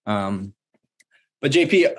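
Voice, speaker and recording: A man's voice: lowish voice, animated, slow. A man in his thirties, co-host of a leadership Q&A, talking earnestly and telling a personal story. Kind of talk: casual Q&A talk.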